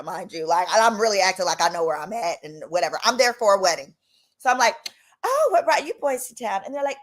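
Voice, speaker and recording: Southern woman host, bright animated storyteller, casual stream chat, slight cough. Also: medium pitch. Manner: chatty, animated, drops into quoted voices. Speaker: attorney and channel host.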